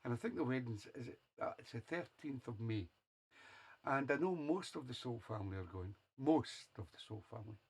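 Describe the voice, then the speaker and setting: A man's voice: medium pitch, lively intonation, a little fast, slightly rough. A man hosting a radio show, chatting casually between songs in a jokey, teasing way and chuckling often. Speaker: radio DJ host.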